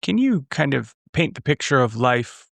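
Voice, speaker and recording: A man with a gravelly, creaky voice hosts an interview in a loose, chatty way. The recording is dry and close. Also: mid-range voice, big pitch swings, moderate pace, no echo. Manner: loose, chatty, many "you know"s. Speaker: podcast host. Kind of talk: casual interview chat.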